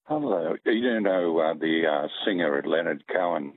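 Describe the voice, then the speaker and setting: A man calling in to a radio quiz, halting and unsure of his words. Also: deep voice, no echo, narrow, tinny audio. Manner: slow, halting, gravelly. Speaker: caller.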